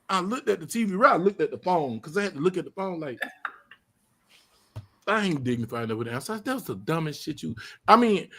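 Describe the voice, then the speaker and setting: Animated man hosting a profane chat. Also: a little high, vocal fry. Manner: animated, profane storytelling, rising to loud outbursts. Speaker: podcast host. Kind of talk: casual chat.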